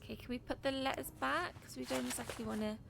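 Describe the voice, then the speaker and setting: A woman's voice: sits high, fairly even intonation, quick pace, creaky, background noise. A woman hosting a gaming channel, chatting as she plays a story game and reacting aloud. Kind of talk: let's-play commentary, reading in-game letters aloud.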